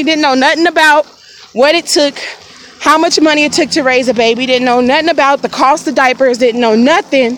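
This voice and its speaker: Woman, vlogger, high voice, frank and chatty, talks straight to viewers, outdoors by a lake. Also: expressive, normal speed, pauses often, a bit bright, slight background noise, rough recording. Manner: frank and conversational, addresses viewers directly. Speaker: family vlogger. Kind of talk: candid personal storytelling.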